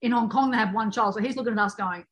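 A woman guest chatting casually and telling a travel story, laughing easily between quick asides. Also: a little high, low-quality recording. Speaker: guest, author and fitness program creator. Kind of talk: casual storytelling in a podcast chat.

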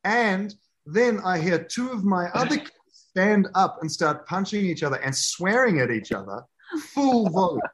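A man guest telling lively stories in a casual podcast chat, swearing freely and acting out scenes. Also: sits high, normal speed. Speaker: guest, author and fitness program creator.

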